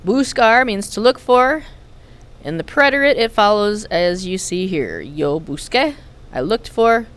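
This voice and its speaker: Woman, Spanish teacher; slow, deliberate recorded lesson narration, drilling each form. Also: mid-range voice, expressive, smooth.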